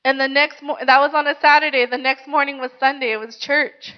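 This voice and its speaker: A woman's voice: high-pitched, flat delivery, a little fast, muffled recording. A woman pastor sharing a personal testimony in an earnest, conversational sermon, often saying "like".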